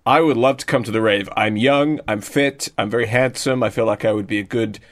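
A man co-hosting a comedy podcast, improvising silly ideas in a hesitant, deadpan way full of ums. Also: medium pitch, fairly quick.

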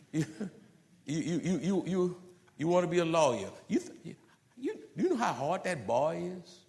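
Man, pastor, lively sermon, high voice, gravelly edge. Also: unhurried, pauses often. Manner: animated preaching with repetitions and sudden pitch jumps; drops to a soft, low voice for asides.

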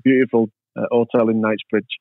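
In a dry, tinny recording that sounds like a phone, an Englishman being interviewed casually tells rambling anecdotes, acting out the voices of people involved. His voice is mid-range and level in tone, and he speaks fairly quickly.

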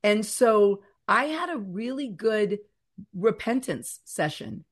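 Speaking slowly at a medium pitch, a female guest author in her fifties discusses faith, fear and scripture with earnest animation. She tells stories and lingers on key words, in the manner of a faith-centered interview.

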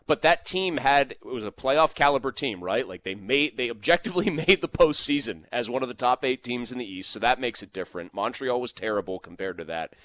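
A man's voice: mid-range voice, fairly quick, few pauses, no echo. Argumentative man co-hosting sports talk. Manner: argumentative, animated, fond of "like". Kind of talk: casual sports debate.

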